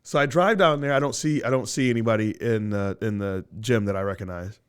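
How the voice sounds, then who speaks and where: A man hosting a podcast in casual chat, telling a story with big swings from loud bursts to low mumbles. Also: brisk, clean tone. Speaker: podcast host.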